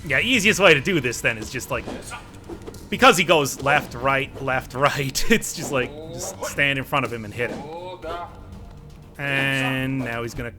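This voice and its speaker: A man's voice: mid-range voice, measured pace, over music. A man giving casual, joking commentary while playing a video game, often talking back to the game's characters. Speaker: gaming let's-player.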